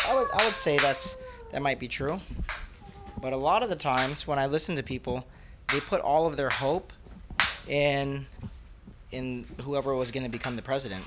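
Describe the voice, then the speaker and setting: Dad chatting w his kids at home, patient, lots of questions, noisy recording. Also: mid-range voice. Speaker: father. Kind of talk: casual family chat.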